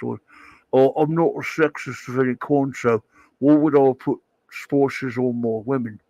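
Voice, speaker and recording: A man putting on a gruff, swearing older English comics writer in a mock English accent, grumbling. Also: medium pitch, darkish tone, no echo. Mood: huffy. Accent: put-on English.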